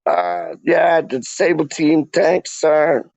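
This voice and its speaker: A man rambling through a casual livestream, his voice slightly high and full of gravel and fry. He drawls slowly, piling on slang and "like". The audio is dull and lo-fi. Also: big pitch swings, darkish tone, dry recording. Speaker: fan vlogger reading live chat.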